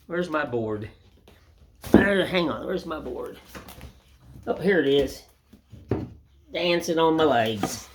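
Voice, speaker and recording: A man with a drawl rambles along in a folksy, friendly way with a slightly high voice. He talks while he works in a home workshop. Loud chisel and mallet knocks sound under every few words. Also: animated, slow, long pauses. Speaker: woodcarver. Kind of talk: casual chat while carving. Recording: loud workshop tool noise.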